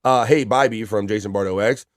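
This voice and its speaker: A man's voice: lowish voice, fairly quick, dry recording, clean studio sound. A man hosting a live stream, joking casually and reading chat messages aloud. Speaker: livestream host.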